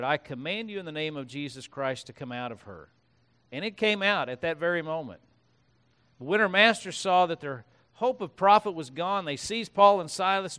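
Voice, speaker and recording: A man's voice: a little high, fairly bright tone, clear, resonant tone. A man preaching a sermon as pastor, reading scripture aloud and breaking off into conversational asides.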